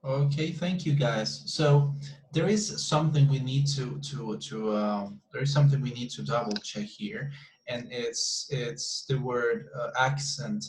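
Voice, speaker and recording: A man's voice: medium pitch, a little slow. Man, English teacher, online class, hesitant restarts, echoey room, faint noise. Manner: repeats words while explaining, hesitant restarts.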